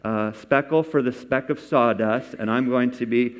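A male pastor gives a sermon in a church sanctuary, his mid-pitched voice carrying a long, lingering reverb. He talks in a relaxed, conversational way, coaxing people from the congregation to come forward and help. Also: moderate pace. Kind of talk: sermon with scripture reading. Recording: long reverb from a large hall.

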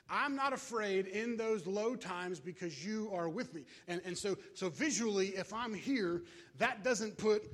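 A man preaching a sermon, animated and joking, out of breath as he moves about with props. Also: sits high. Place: church.

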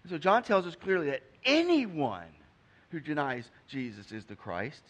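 A man's voice: fairly high pitch, huge pitch swings, unhurried, a bit bright. A man preaching a conversational sermon, acting out the figures he quotes. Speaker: pastor.

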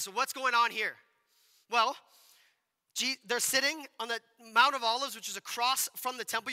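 A man preaching in a church hall, his voice very high and very bright. He talks casually to the congregation and keeps asking them questions. Long reverb trails after each phrase. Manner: conversational, asks the congregation questions, acts out quotes. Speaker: pastor. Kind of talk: sermon.

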